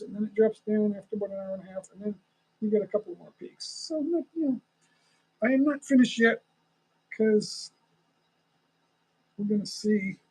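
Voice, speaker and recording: A man's voice: high voice, vocal fry, mellow, slightly rough, low-quality recording. A man chatting casually on a live stream, rambling and talking straight to his viewers. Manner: rambling, talks to viewers, chuckles often.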